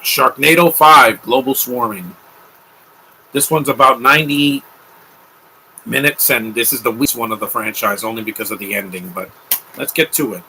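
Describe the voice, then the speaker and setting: A man's voice: medium pitch, moderate pace, pauses often, pushed and bright, slight background noise, rough recording. A young man hosting a live movie commentary, talking in an offhand, rambling way with opinionated asides.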